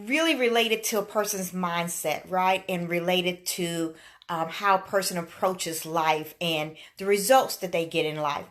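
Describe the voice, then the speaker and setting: A woman counselor hosting a live online show, chatting casually and telling stories with lots of fillers, a little out of breath. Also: mid-range voice. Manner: chatty, animated storytelling with many fillers. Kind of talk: casual live-stream chat.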